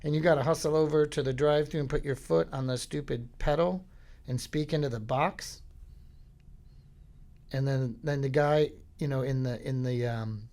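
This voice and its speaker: Gravelly male podcast host from Florida, rambling comic monologue, middle pitch. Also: fairly even intonation, moderate pace, a little mellow. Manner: rambling, jokey storytelling. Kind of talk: casual comedic monologue.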